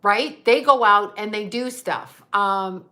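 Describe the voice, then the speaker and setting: A woman's voice: medium pitch, slow, bright, forceful tone. A woman working as a psychic medium, chatting casually on a livestream, rambling and laughing as she answers viewers. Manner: rambling, chatty, laughs often, reads viewer comments aloud.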